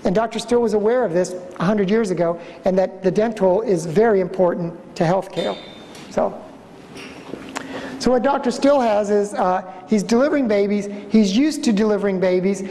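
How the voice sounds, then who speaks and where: A man giving a storytelling conference lecture as a museum director, an animated speaker who acts out the voices in his stories. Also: high-pitched, a little hiss or hum. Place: conference hall. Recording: reverberant lecture hall.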